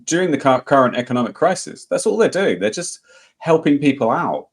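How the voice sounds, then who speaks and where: A man's voice: mid-range voice, fairly quick, slightly rough. A British man co-hosting a casual podcast chat, joking with heavy sarcasm. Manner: playful, deadpan sarcasm. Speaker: podcast co-host.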